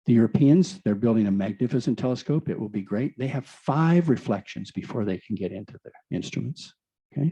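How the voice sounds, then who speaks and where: Man presenting, enthusiastic, rhetorical questions, very dark tone, muffled lo-fi sound. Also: medium pitch, breathy edge. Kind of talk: explanatory presentation.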